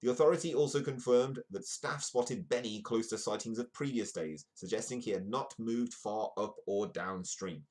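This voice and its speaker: A man's voice: fairly low pitch, normal speed, hardly any pauses, a little mellow. A man hosting a comedic live news show, reading newspaper stories aloud and breaking off for jokey asides. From United Kingdom. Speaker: host.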